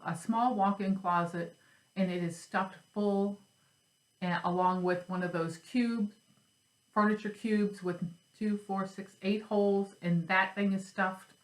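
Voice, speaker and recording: Her voice sits on the low side with a fairly bright tone, and the low-quality recording has a roomy sound. She's a flosstube host chatting at home about her cross stitch and supplies, rambling, chatty, and poking fun at herself.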